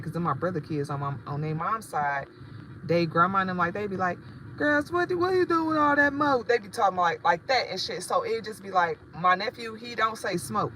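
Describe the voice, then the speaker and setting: A woman's voice: fairly low pitch, sharp tone, slight background noise, rough recording. A woman, rambling casually and profanely to her livestream viewers as a spiritual shop owner. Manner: rambling, chatty, profane, addresses viewers directly.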